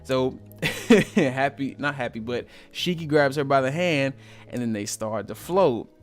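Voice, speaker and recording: A man's voice: medium pitch, animated, a little slow, soft background music. A man giving a casual, joking recap of a manga chapter, full of slang and asides.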